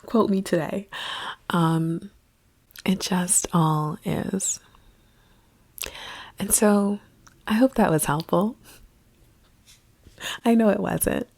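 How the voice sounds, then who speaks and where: A woman spiritual coach musing in a reflective vlog monologue, often dropping to a soft half-whisper. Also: mid-range voice, extremely slow, creaky, pauses often, dry recording.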